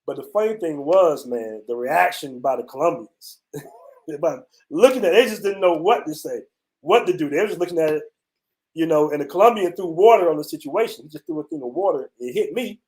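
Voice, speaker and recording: A man's voice: fairly high pitch, expressive, fairly quick, darkish tone. A man from the United States who hosts a travel channel, telling viewers a story in a loose, slangy way, full of "man" and "bro", outdoors on a street. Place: outdoors on a city street at night.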